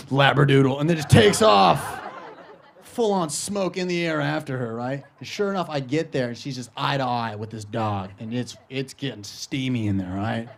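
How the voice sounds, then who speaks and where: A man's voice: medium pitch, slight background noise. A young man doing brash, crude stand-up comedy live on stage, often laughing at his own jokes.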